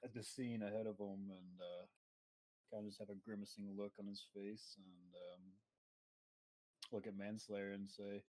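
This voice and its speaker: A man's voice: on the low side, flat delivery, moderate pace, darkish tone, poor audio. A man playing a tabletop game, hesitant and full of fillers, voicing his character. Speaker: player. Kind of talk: casual tabletop play, in-character lines.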